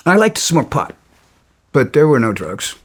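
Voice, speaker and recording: A man's voice: a little high, very animated, normal speed, husky. A man as an interview guest, telling stories bluntly and with some resentment, stumbling and restarting his sentences. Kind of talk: casual storytelling.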